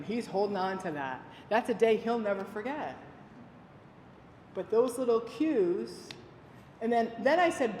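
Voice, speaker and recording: A woman giving a dementia care talk, telling animated stories and quoting the people she works with. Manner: animated storytelling, quoting residents. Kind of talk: storytelling presentation. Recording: echoey hall with faint rumble.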